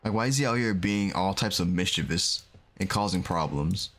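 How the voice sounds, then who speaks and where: A man casually commentating a game he is playing, animated and exclaiming as he reacts. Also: low-pitched, moderate pace. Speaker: gaming video host. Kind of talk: casual let's-play commentary.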